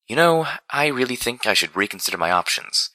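A man's voice: medium pitch, very animated, fairly quick, pushed and bright, no room sound, pitched above the performer's own voice, poor audio. A man voicing a dramatic, prim young mare, theatrical and petulant, in an audiobook reading. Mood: indignant.

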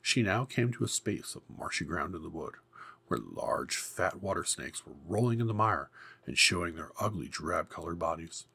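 A man reading a fairy tale aloud in a measured, grave storybook narration. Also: sits low, expressive, vocal fry, sharp tone, slightly rough.

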